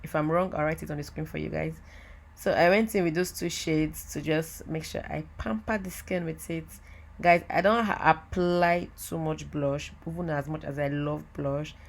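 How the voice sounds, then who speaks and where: A woman giving a chatty, excitable voiceover for a makeup tutorial, talking straight to her viewers. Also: low-pitched, normal speed, gravelly. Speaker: makeup artist. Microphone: voiceover mic.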